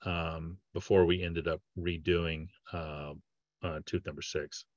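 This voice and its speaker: Man, dentist, low voice, casual presentation, fillers and restarts, dull dry audio. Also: level tone, takes it slowly, no room sound. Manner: conversational, with many fillers and restarts. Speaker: dentist giving a training webinar.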